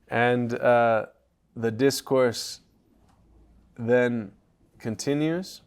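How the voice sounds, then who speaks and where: A man teaching as a spiritual teacher, retelling a story in a reflective, soft-spoken way that drops to a hush at phrase ends. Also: mid-range voice, steady tone, slow, pauses often. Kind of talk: storytelling lesson on poetry. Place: retreat gathering.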